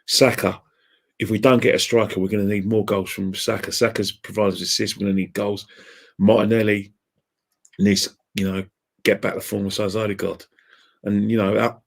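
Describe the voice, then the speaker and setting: His voice is on the low side and gravelly, level in tone, at a normal speed. He's a football fan on a podcast, chatting casually, rambling, offering opinions, and laughing at his own jokes.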